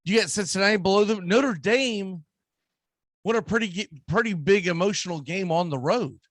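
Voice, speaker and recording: A man's voice: high-pitched, moderate pace, fairly bright tone, no room sound. A man with a Southern US accent, hosting a sports radio show and ranting emphatically about football. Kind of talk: casual sports talk.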